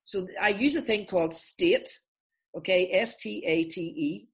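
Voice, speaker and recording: A woman therapist, a guest on a podcast, explaining a calming technique step by step and acting out everyday examples in different voices. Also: medium pitch, unhurried. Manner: animated, acts out examples in voices.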